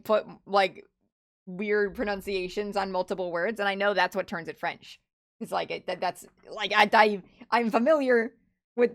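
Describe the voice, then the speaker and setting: A woman's voice: medium pitch, a bit bright. A young woman streaming a game, chatting casually with lots of restarts and swearing. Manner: rambling, stammering, many restarts.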